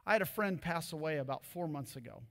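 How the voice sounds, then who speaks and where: A man preaching a sermon as pastor in a church, animated and joking as he tells stories. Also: a little high, fast. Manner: animated, jokey storytelling preacher. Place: church auditorium. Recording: reverberant church hall.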